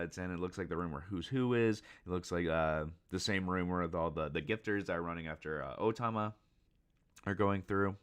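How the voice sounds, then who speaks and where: Deep-voiced man rambling excitedly. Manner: rambling, excitable, many fillers; reads character lines aloud with mild voice shifts. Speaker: channel host. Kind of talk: casual manga chapter reaction.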